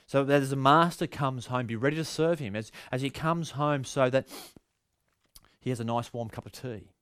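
A man's voice: medium pitch, normal speed, a bit bright, clean tone, no room sound, clean studio sound. A male pastor with an Australian accent, giving a sermon in a conversational, storytelling way with frequent restarts.

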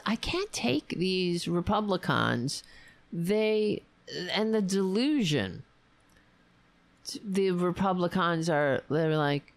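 Sarcastic, slow-talking woman ranting. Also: fairly low pitch, dry recording. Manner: sarcastic, profane, ranting with frequent asides; laughs at her own jokes. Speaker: political commentary host. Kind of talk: solo political commentary.

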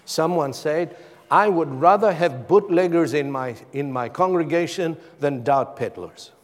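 A male pastor delivers a sermon at an unhurried pace. His voice sits a little high, and he leans into dramatic pauses before pushing up to emphatic calls. The sound rings with the long reverb of a church hall.

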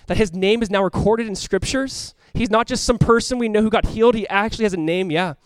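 A man preaching a sermon as pastor, animated, acting out voices and swinging from loud cries to hushed, earnest tones. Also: high voice, fairly quick, clean tone, no room sound. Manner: animated, acts out voices of the crowd and the blind man.

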